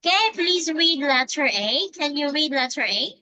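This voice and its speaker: A woman teaching English to a child over a video call, speaking slowly with repeated, encouraging prompts. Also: sits high, expressive, sharp tone, no echo, low-quality recording. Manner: slow, repetitive, encouraging prompts. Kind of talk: online English lesson for a child.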